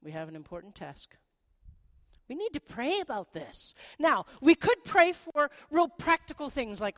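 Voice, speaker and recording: A middle-aged woman pastor giving a sermon in a conversational, animated way, with playful asides. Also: fairly high pitch, moderate pace.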